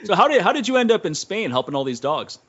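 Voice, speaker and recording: A man's voice: sits high, big pitch swings, fast talker, a bit bright, breathy edge, highs cut off. A man hosting a podcast, joking and laughing while he introduces and questions his guest. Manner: jokey, laughs a lot. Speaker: podcast host. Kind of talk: casual interview chat.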